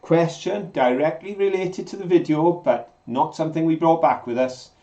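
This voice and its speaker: A man's voice: on the high side, normal speed, warm tone, reverberant. A British man co-hosting a live show, chatting with enthusiasm and drawing out his quiz questions. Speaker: co-host of a live mudlarking show. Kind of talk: casual live-stream chat.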